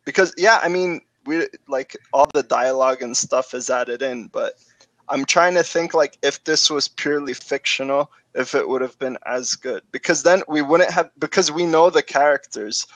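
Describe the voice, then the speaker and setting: A man's voice: medium pitch, fairly bright tone, no room sound, poor audio. A man on a casual book discussion podcast, thinking aloud in a hesitant, searching way. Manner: thoughtful, hesitant, trailing off.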